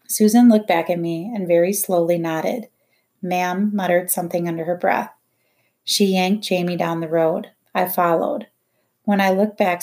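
A woman's voice: lowish voice, a little mellow. Woman narrating an audiobook. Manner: measured first-person storytelling. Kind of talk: scripted narration.

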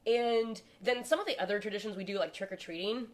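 A young woman chats on a podcast about a holiday's history, and she laughs easily. She fills her talk with "like", at an everyday pitch. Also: fast. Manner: chatty, laughs often, many "like" fillers. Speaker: podcast co-host. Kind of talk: casual chat.

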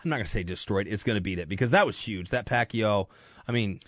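A man's voice: fairly low pitch, fast, a bit bright, a little hiss or hum. A man filling in as radio host, talking sports in a casual, rambling, joking way in a studio. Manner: rambling, joking, self-deprecating.

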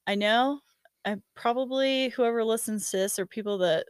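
A young woman in casual conversation with a fairly high voice. She tells her story with many fillers, breaking into laughter and acting out the voices of the people in it. The recording is dry and close. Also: normal speed, clean tone, dry recording. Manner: laughing storyteller, lots of fillers, acts out quotes. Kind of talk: casual chat.

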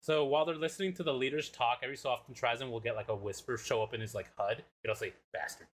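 A man's voice: mid-range voice, fast. A man co-hosting a podcast, casually retelling a comic story with swearing and acted-out quotes. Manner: animated, swears, acts out quotes. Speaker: podcast co-host.

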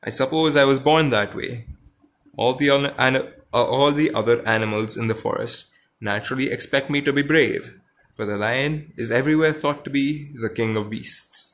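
A man's voice: medium pitch, normal speed, a bit bright, natural voice. A man reading a timid, sorry lion. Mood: sorrowful. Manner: plaintive, self-pitying. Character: timid, sad male cowardly lion, huge beast. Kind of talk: storybook reading.

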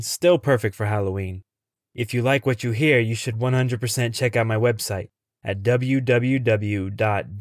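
A man who hosts a podcast, telling a tense first-person story in a measured way. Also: medium pitch, no echo, studio quality.

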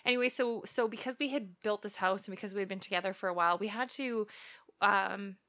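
Bright-voiced woman telling animated stories. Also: medium pitch, a little fast. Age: 30s. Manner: animated teasing storyteller. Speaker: podcast co-host. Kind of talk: casual chat.

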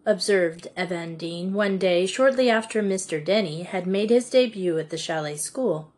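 A woman narrating an audiobook in a measured, unhurried way. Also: fairly low pitch, lively intonation.

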